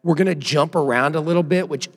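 A hoarse man in his thirties, a pastor giving church announcements and opening a sermon in a casual, rambling way with self-deprecating asides. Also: fairly high pitch, quick pace. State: hoarse from yelling while coaching. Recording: long hall reverb.

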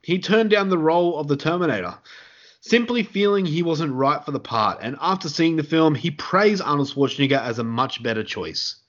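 A man's voice: on the high side, lively intonation, normal speed, a bit bright. Australian male podcast host, jokey trivia reader, laughs a lot, muffled lo-fi sound. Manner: laughs often, reads out trivia in a loose, joking way. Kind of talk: casual podcast chat.

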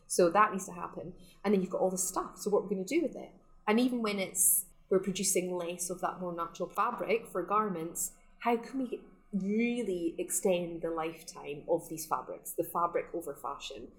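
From her sustainable fashion shop in the Scottish Highlands, a woman gives a casual interview, chatty and eager and laughing frequently. Her voice is fairly low and moderately paced, and the audio quality is poor.

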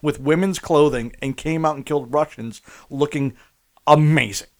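A man's voice: on the high side, normal speed. A man co-hosting a casual comedy movie podcast, joking and laughing as he riffs on scenes. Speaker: podcast co-host.

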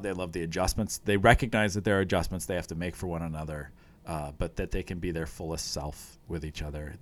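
A man in casual chat, retelling scenes from a show with eager, rambling enthusiasm. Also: sits low.

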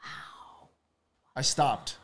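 A man telling a story in casual chat, swearing freely and acting out what people said. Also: very slow. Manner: animated, profane storyteller acting out quotes. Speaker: co-host.

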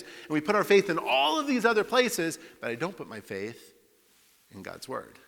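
A man's voice: sits high, normal speed, vocal fry. Man preaching in a reverberant hall. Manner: storytelling with lively swings in loudness. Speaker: pastor. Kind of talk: sermon.

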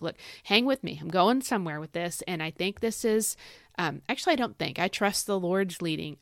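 A woman with a low-set voice talks through a casual devotional podcast monologue, rambling and earnest and often stopping to correct herself. Her voice is recorded close and dry, with no room sound around it. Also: fairly bright tone, no room sound. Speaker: podcast host.

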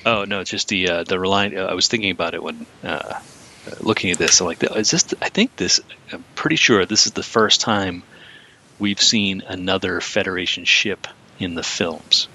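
A man's voice: deep voice, fairly even intonation, normal speed, pushed and bright. A man co-hosting a podcast, chatting casually about a film and often laughing while acting out lines. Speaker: podcast co-host.

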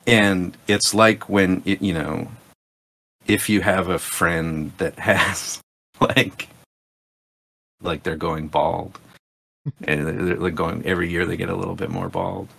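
Deep gravelly man ranting. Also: slow, long pauses. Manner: rambling, profane, animated storytelling. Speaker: podcast guest. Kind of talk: casual chat.

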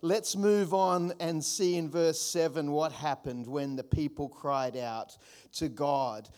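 A man preaching from the pulpit in a notably high voice. He speaks earnestly, circling back over words as he builds his points, and his emphasis swells as he drives a line home. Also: fairly even intonation, slow, darkish tone. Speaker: pastor. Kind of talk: sermon.

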